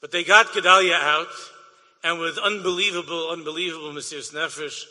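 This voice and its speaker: A man's voice: a little high, steady tone, fairly quick, pushed and bright, in a large hall. A man, a rabbi, tells an emotional story to an audience, dropping Yiddish and Hebrew words and repeating his phrases.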